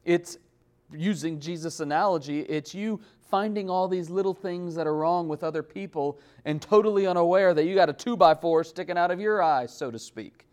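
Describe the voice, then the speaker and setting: A man's voice: high-pitched, moderate pace, a little mellow, clear, resonant tone. A man preaching a sermon, emphatic, with big swings in volume and pace as he builds and drops his points. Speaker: pastor.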